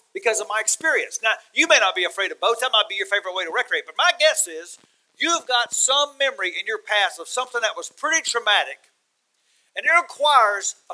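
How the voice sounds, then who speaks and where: A middle-aged man with a Texas accent preaching a sermon as a guest, folksy and self-deprecating, building to loud emphatic bursts. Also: high voice, rough recording. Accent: Texan.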